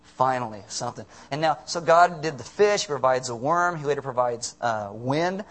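A male preacher gives a relaxed, animated sermon in an everyday conversational tone. His voice sits a bit high for a man, and he often breaks into little acted-out voices. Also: normal speed. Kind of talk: casual sermon.

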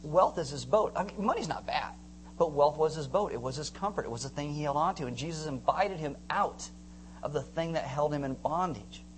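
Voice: medium pitch, a little fast, a little hiss or hum, low-quality recording. A pastor giving a casual, conversational sermon, retelling stories with humor and acting out voices. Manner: animated storytelling, acts out voices with humor.

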